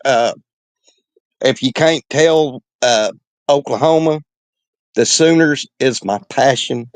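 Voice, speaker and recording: A regular panelist on a football talk show speaks with a middling voice. He is heartfelt and halting, often pausing on fillers, and the sound is dry and close. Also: mid-range voice, no echo. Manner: heartfelt, hesitant, many fillers. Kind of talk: casual panel chat.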